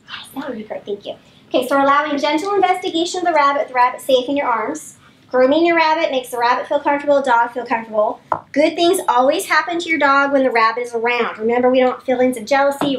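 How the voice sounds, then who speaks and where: A woman dog trainer walks listeners through a live demonstration, mixing plain explanation with calm, firm commands. Her voice sits high, and it sounds picked up from a step or two away from the microphone. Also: recorded from a distance, poor audio.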